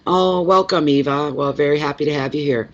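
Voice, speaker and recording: A man from Canada hosts a relaxed live stream as a tarot reader, chatting with viewers and greeting them one by one. He rambles and often repeats his words. The audio is a little muffled and lo-fi. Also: fairly high pitch, a little fast. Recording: slightly dull lo-fi audio.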